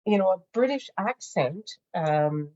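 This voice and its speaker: A middle-aged woman demonstrating a craft project in casual chat, laughing often and filling pauses with "uh.". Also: mid-range voice, animated, darkish tone, muffled recording. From Canada. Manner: chatty, laughs often, many fillers. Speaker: craft instructor.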